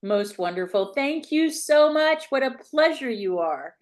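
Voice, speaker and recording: A woman hosts a casual podcast over a video call. She gushes warmly at her guest with compliments and talks in a loose, chatty way. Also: sits high, animated, a little slow. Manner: effusive and complimentary. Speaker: podcast host. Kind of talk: casual interview chat.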